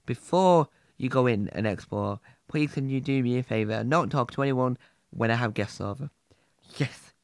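A man narrates a homemade comic story, earnest and a little halting. His pitch sits in the middle of the range. The sound is dry and close. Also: creaky, no echo. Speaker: narrator and lead of a homemade comedy.

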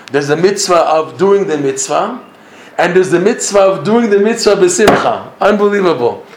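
An emphatic male religious teacher lectures with frequent repetitions and chuckles. His voice sits at an ordinary middle pitch. The recording has a roomy echo and a faint hiss of noise behind him. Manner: emphatic, repeats himself, chuckles often. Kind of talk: Torah lecture.

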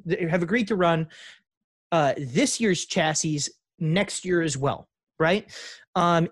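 A man's voice: a little high, dry recording, clean studio sound. A man co-hosting a casual podcast chat, laughing often and reading quotes aloud with rambling asides. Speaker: podcast co-host.

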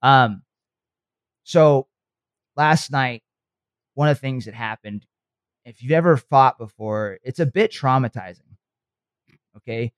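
Earnest and coach-like, a man talks on a motivational podcast, pausing often with "okay" and "right" to make sure his listener is following. His voice sits at an ordinary middle pitch, recorded close and dry with no room sound.

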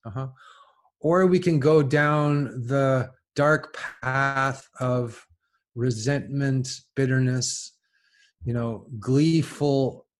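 Podcast guest, male, mid-pitched, halting delivery full of restarts and repeats, musing. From lives in France. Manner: halting, many restarts and repeated words, thinking aloud. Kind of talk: casual intellectual conversation.

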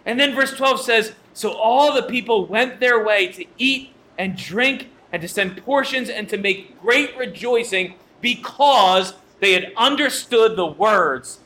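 A man's voice: high voice, bright, forceful tone, slight background noise. A man preaching a sermon in a church sanctuary, earnest and emphatic, often repeating phrases for weight. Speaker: pastor.

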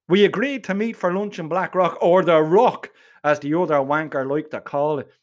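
A middle-aged man telling a comic story in a gruff, sweary, blunt way. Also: on the high side, normal speed.

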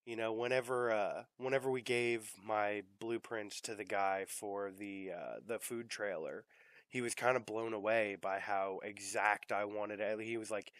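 Low-voiced casual young man host. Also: steady tone, measured pace, a bit bright, dry recording. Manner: rambling, lots of fillers and swearing. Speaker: podcast host. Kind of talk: casual chat.

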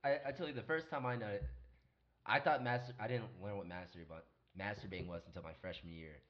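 Young man, low voice, animated storyteller, casual chat, muffled recording. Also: fast. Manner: animated, swearing, acts out quotes loudly. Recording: dull lo-fi sound.

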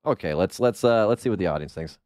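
A man's voice: low-pitched, expressive, quick pace, a little mellow. A man hosting a casual streamed show, goofy and full of banter with his guest. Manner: goofy, banter-heavy, chatty. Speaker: podcast host. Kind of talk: casual live-stream chat.

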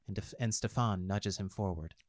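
A man narrating fiction aloud in a wry, expressive storytelling manner. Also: lowish voice, normal speed, dry recording, studio quality.

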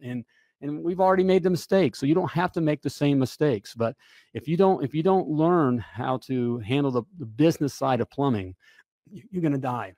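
A man coaching plumbers in a casual, joking sales pitch, often checking in with "all right?". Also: a little fast, dark tone, no room sound, studio quality. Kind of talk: casual promotional pitch to camera.

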